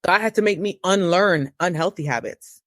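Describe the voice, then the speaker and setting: A woman in her thirties giving a candid personal testimony as an interview guest, with emotional, preacher-like rises in pitch. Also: normal speed, no room sound, clean studio sound.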